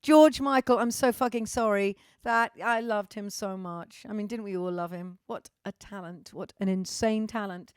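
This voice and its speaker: A woman's voice: medium pitch, normal speed, few pauses, clear, resonant tone, dry recording, clean studio sound. A middle-aged woman from Britain chatting cheekily to her fans, swearing freely and joking in a theatrical way. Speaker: vlogger and singer. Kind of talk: casual sweary monologue to fans.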